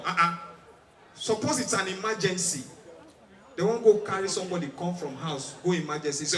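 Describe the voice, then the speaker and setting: A man's voice: sits high, lively intonation, a little fast, pushed and bright. A man with a Nigerian accent doing stand-up comedy, telling stories in Pidgin and mimicking sirens and other people's voices. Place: large outdoor stage. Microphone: stage microphone. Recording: echoey live venue, mic at a distance.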